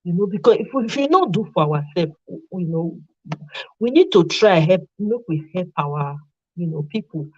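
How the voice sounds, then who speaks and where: A woman's voice: lowish voice, normal speed, slightly rough, no echo. A woman with a Nigerian accent giving casual commentary as the host, slipping into Pidgin and acting out little scenes. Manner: animated, mixes in Pidgin and acts out little scenes. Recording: dull, dry lo-fi sound.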